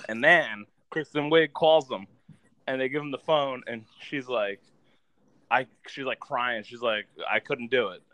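A man's voice: medium pitch, unhurried, a bit bright, no echo, rough recording. A man casually retelling a movie plot to friends, rambling and swearing freely. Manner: profane, rambling storytelling. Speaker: podcast co-host.

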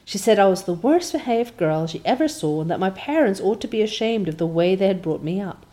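A woman's voice: medium pitch, expressive, brisk, mellow, lightly acted. A woman voicing a loyal, spirited young girl in an audiobook, frank and a little scornful. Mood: indignant. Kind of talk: audiobook character voice.

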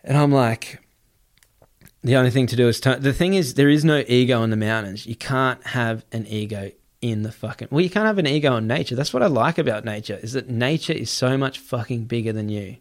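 A man telling a wild story in casual chat, swearing often and running his sentences together. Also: mid-range voice. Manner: swears freely, quick run-on telling. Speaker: guest.

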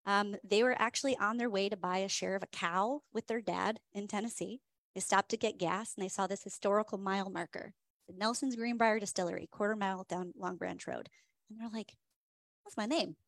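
A woman's voice: medium pitch, steady tone, brisk, fairly bright tone, dry recording. Chatty woman hosting a whiskey tasting. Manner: chatty, many "um" fillers, enthusiastic. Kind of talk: casual storytelling presentation.

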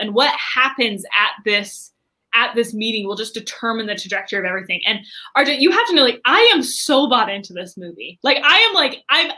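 A woman entrepreneur telling a story animatedly in an interview, chatty and expressive, saying "like" often. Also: fairly high pitch. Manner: chatty, frequent filler "like", expressive. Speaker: entrepreneur and podcast guest.

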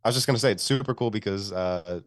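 A man's voice: on the low side, fast, no echo, studio quality. A man co-hosting a church podcast, sick, talking in an easygoing, agreeable way. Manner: easygoing, agreeable, brief replies. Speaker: church communications director, podcast co-host. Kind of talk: casual chat.

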